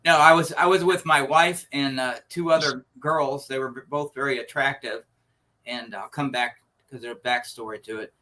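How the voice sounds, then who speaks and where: A man's voice: medium pitch, fairly even intonation, normal speed, sharp tone. A man hosting a casual online chat, telling anecdotes and laughing easily. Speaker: host.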